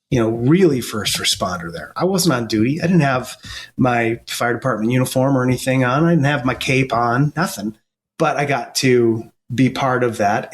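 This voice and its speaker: Middle-aged man, firefighter guest, earnest storyteller, mid-pitched voice, halting restarts. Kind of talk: casual storytelling interview.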